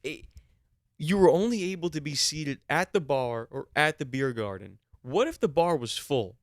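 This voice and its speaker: With a voice on the high side, this man sounds animated as he tells a story on the podcast he co-hosts, exasperated, casual, and freely profane. He speaks at a moderate pace, and the studio sound is clean with no room noise.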